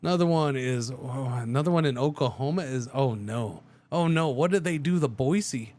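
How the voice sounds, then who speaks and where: A man's voice: medium pitch, moderate pace, darkish tone. A man streaming a truck driving game, chatting casually and thinking aloud with many restarts.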